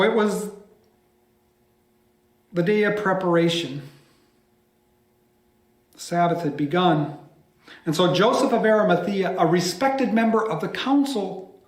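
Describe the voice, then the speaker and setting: A man, a pastor, telling a scripture story by heart with dramatic delivery, dropping some lines to a hushed whisper. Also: sits high. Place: church. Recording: echoey church room.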